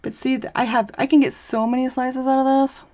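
A woman's voice: sits high, little pitch movement, a little fast, dark tone. Chatty young woman hosting a craft livestream. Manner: chatty and bubbly, reads chat aloud, laughs often. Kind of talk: live crafting tutorial chat.

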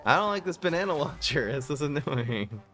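Excitable male game streamer, lively pitch. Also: brisk, soft background music. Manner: excitable, laughs often, talks to chat. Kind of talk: live-stream gameplay commentary.

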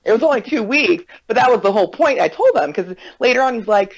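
A podcast host in casual conversation, telling stories in an animated way and acting out quoted exchanges. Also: mid-range voice, fast, hardly any pauses. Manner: animated storyteller, acts out quotes. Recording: dull lo-fi recording.

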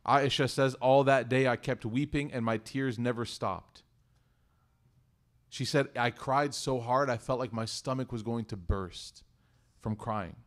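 Male community speaker at mid pitch, telling a story, animated with hushed asides. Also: unhurried. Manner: animated storyteller, swings between loud emphasis and hushed asides. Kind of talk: storytelling talk to a congregation.

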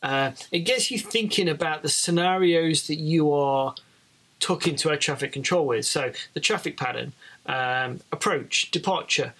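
A man talking casually as a flight instructor, explaining things in a relaxed way with frequent fillers. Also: a little high, moderate pace, slightly rough.

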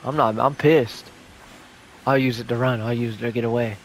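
Young male gamer, casual reactive play-by-play, jumps from mutters to yells, faint noise under it. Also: mid-range voice, moderate pace. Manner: excitable, swears, shouts at sudden plays. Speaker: gaming YouTuber. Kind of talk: live gameplay commentary.

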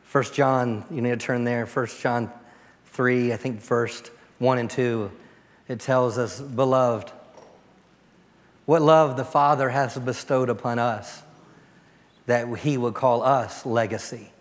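A pastor giving a storytelling sermon, dropping to a soft, quiet voice when he prays. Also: medium pitch, steady tone, slow. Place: church sanctuary. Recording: long church reverb.

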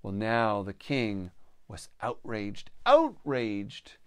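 A man telling a parable at a spiritual gathering, slow and measured, voicing the characters as he goes. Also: lowish voice, sing-song, clean tone, no echo. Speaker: storyteller. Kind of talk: spoken storytelling at a spiritual gathering.

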